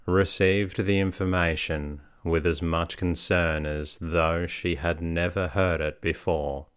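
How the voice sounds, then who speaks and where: Deep-voiced guy reading a bedtime story real slow, smooth and calm. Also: no room sound, studio quality. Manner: slow, soothing and even. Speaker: sleep story narrator.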